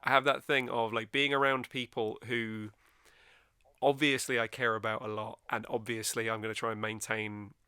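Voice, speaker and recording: A young man with a light West Country accent, chatting loosely as a podcast co-host and rambling with plenty of fillers. His voice is bright and forceful, and the recording is close and dry. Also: medium pitch, little pitch movement, moderate pace, clean tone, dry recording. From West Country of England. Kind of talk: casual chat.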